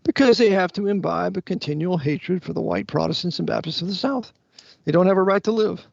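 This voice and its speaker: A man with a rough, gravelly, husky voice, a little higher than most. He hosts a casual chat and makes blunt, preachy remarks. The audio is dry and dull, like lo-fi call sound. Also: brisk, no room sound. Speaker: host.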